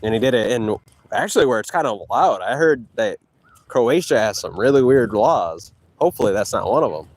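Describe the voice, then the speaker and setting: Walking outdoors with a handheld phone, a man vlogs trash talk at a rival, taunting and boasting between breaths. His mid-range voice is expressive, a little fast and a little mellow, with no room sound.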